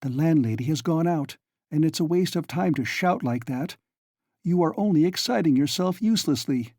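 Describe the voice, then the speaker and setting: A man voicing an obsessive, scheming older nobleman who coaxes and insists in a smooth, feverish way. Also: a little high, animated, normal speed, a little mellow, no room sound, studio quality, pitched above the performer's own voice. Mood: cold, mocking.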